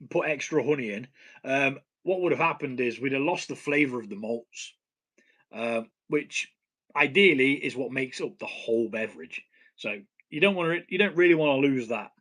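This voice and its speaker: A man's voice: medium pitch, expressive, moderate pace, a bit bright. A man with a British accent hosting a casual home brewing live stream, blunt and swearing casually, laughing at himself. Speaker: home brewing channel host.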